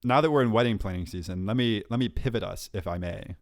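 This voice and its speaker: Young man, low voice, dry close sound, casual podcast storytelling, self-mocking, laughs a lot. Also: fast, no room sound. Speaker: podcast co-host.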